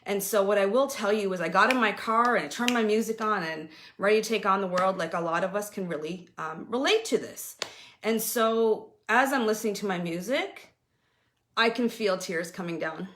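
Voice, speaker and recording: A woman's voice: medium pitch, normal speed, a bit bright, a little hiss or hum. A middle-aged woman from Canada, hosting her own talk and candidly telling a personal story in a casual, storytelling way. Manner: candid, storytelling, acts out quoted voices. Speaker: host.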